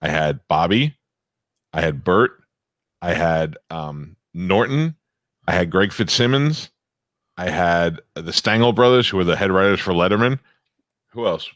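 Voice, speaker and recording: Brief: man around fifty, very low voice, blunt swearing host, dry close sound. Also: animated, unhurried, pauses often, fairly bright tone, no room sound. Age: 50s. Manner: blunt, swearing anecdote teller. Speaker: radio host. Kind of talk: casual comedy podcast chat.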